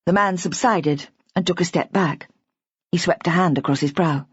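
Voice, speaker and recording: A woman narrates a mystery audiobook in a measured, even way. Her voice sits low and husky. The recording is dry and slightly muffled. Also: no echo. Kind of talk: scripted narration.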